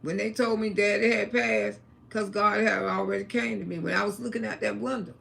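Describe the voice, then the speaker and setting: This Florida livestream host speaks at medium pitch with fairly even intonation, a brisk pace, vocal fry, and a fairly bright tone. She's blunt and salty, sharing family stories and talking about God on a casual stream.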